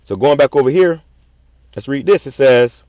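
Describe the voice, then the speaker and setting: A man's voice: medium pitch, moderate pace, mellow, no echo. A man preaching scripture in a raw, profane style, repeating words in stammering runs and swearing often. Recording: dull lo-fi sound.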